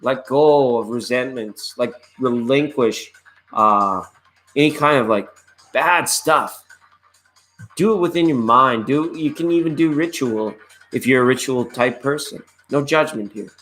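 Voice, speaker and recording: A man's voice: medium pitch, measured pace, fairly bright tone, soft background music. A man hosting a live online tarot reading, chatting in a laid-back, rambling way and greeting viewers by name. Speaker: tarot reader and live show host.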